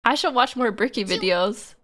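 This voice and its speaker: A woman's voice: on the high side, normal speed, fairly bright tone. A young woman streaming, chatting casually and reading her chat aloud in a bubbly, giggly way.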